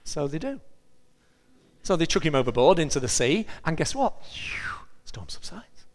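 A man preaching a sermon, telling a story in an animated way and acting out the characters' voices. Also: a little high, normal speed, in a large hall.

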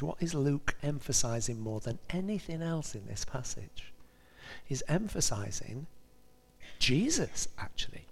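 Pastor guy chatting through a sermon, super animated, big echoey hall. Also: a little high. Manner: lively, conversational preaching with asides to the congregation. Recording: reverberant hall recording.

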